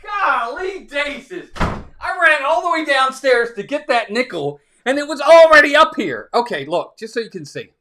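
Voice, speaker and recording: A man's voice: extremely high pitch, big pitch swings, normal speed, bright, forceful tone. A man hosting a casual live stream, upbeat, laughing often and greeting viewers by name. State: out of breath.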